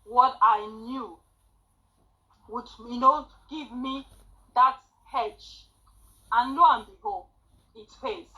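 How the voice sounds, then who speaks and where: A woman, a student nurse telling her story in an animated, chatty way on a group call. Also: fairly high pitch, slow, long pauses, narrow, tinny audio. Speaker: student nurse sharing a testimony.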